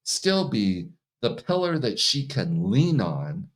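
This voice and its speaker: Slow-talking man coaching on relationships. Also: medium pitch. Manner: relaxed, laughs often, acts out quoted partners. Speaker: hypnotherapist and coach. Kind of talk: casual conversational interview.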